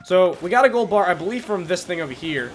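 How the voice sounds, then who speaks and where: A young man with a congested, stuffy voice from a cold, giving excitable, jokey gameplay commentary and cursing at enemies. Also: high voice, fast, slight background noise. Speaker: let's play commentator.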